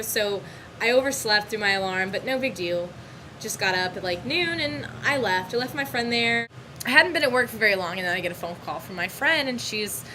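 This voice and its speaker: A young woman vlogger telling a story about her bad day in a casual, animated, exasperated way. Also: medium pitch, a little hiss or hum, low-quality recording. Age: young adult.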